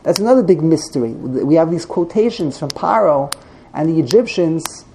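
A man's voice: on the high side, lively intonation, moderate pace, dark tone, a little hiss or hum. A man teaching a text study class, explaining grammar as he thinks aloud, repeating and correcting himself.

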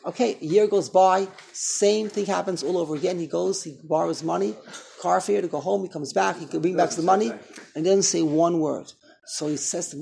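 Gravelly man teaching a religious class. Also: high-pitched, brisk. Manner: animated, repeats and restarts phrases. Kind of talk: Torah class lecture.

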